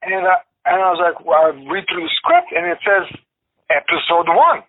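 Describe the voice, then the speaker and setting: A man guest telling stories in a lively way, acting out what others said and laughing as he goes. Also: high-pitched, moderate pace. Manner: lively, acts out quoted lines, laughs mid-story. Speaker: actor guest. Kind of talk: casual storytelling. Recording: tinny phone line.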